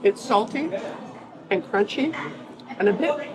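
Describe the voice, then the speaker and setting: A woman's voice: on the high side, lively intonation, a little slow, rough recording. Woman explaining flavors in a busy eatery. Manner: explanatory, describes flavors in detail. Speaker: food vlogger. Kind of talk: casual food review chat. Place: indoor restaurant. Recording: busy restaurant chatter behind.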